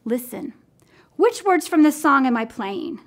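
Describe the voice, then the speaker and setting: A woman's voice: high-pitched, very animated, unhurried, noisy background. A woman music teacher demonstrating simple rhythm lessons for classroom teachers, counting in and singing along patiently.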